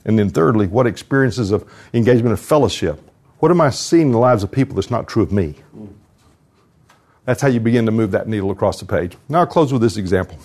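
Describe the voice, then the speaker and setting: A man's voice: fairly low pitch, expressive, fast, darkish tone, husky. An older man giving an earnest devotional talk at a conference, telling a personal story and closing in prayer. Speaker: conference speaker. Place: conference hall.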